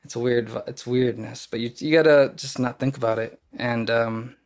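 Speaking at a normal pace with a mid-range voice and fairly even intonation, a young man chats casually on a podcast. He's an actor from Kenosha, Wisconsin, in the US Midwest, and his talk wanders, packed with fillers and false starts.

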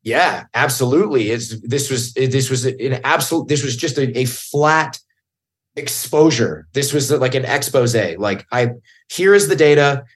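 A man's voice: mid-range voice, a little slow, slightly rough. A man in casual podcast talk, blunt and swearing, who gets heated when he acts out what he said back then. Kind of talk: casual chat.

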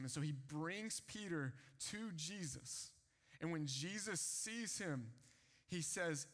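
A man's voice: fairly high pitch, lively intonation, measured pace, fairly bright tone. A man preaching a sermon, retelling scripture in casual everyday speech. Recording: long hall reverb.

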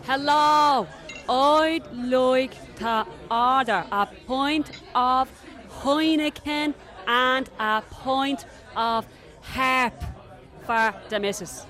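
A woman voicing a Dublin man nervous about a holiday abroad, in a Dublin accent and speaking loud and slow. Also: medium pitch, lively intonation, some chatter behind, natural voice. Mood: earnest. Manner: loud, slow, over-careful speech.

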